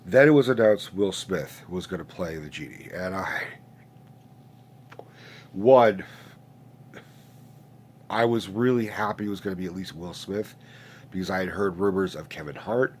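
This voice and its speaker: A congested man in his late twenties rants casually as a host, his nose audibly stuffed up. He rambles with plenty of profanity and stumbling restarts, in a low-pitched voice. There is a faint rumble of noise behind him. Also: a little slow, long pauses. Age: late 20s. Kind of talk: casual rant.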